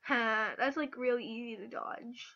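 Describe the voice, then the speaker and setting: A young woman chatters over her gameplay in a high, bright voice. She drawls along slowly, then breaks into squeals and quick whispered asides. The recording is dull and lo-fi. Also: creaky. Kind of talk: casual gameplay commentary. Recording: dull lo-fi mic.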